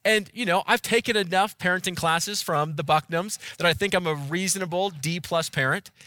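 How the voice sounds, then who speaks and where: A man delivers a sermon with earnest, emphatic force, his voice bright and a touch high. The sound is dry and close, with no room echo. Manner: earnest and emphatic, building to loud peaks. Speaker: pastor.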